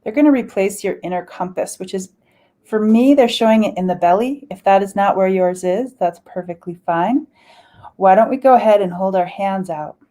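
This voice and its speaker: A woman guides a spiritual meditation in a mellow, mid-range voice. She talks slowly and soothingly, letting sighs and chanted syllables fall between her words.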